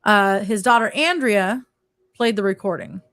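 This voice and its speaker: A woman's voice: mid-range voice, a little slow, fairly bright tone, no room sound, clean studio sound. A woman co-hosting a casual podcast chat, relaying details in a chatty way with fillers.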